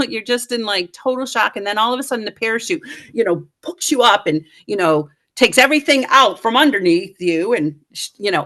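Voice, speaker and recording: Woman guest, animated storyteller, self-mocking, acts out voices, middle-aged. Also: a little high.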